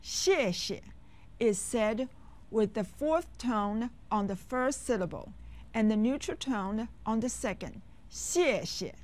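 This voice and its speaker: A woman teaching beginner phrases in a clear, instructive scripted lesson. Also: a little high, takes it slowly. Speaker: language teacher.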